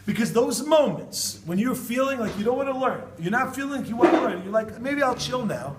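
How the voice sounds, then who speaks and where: A man giving an informal Torah talk as a rabbi to students, animated and joking, repeating phrases for emphasis. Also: extremely high pitch, brisk. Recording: echoey room, distant mic, background noise.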